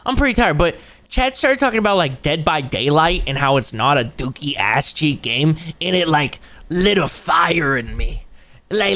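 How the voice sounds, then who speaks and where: A man's voice: a little high, bright, forceful tone. A young man live-streaming, chatting casually with his viewers, rambling and swearing, joking and breaking into mocking voices. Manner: rambling, profane, jokey, jumps into mocking voices. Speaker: streamer reacting to a video.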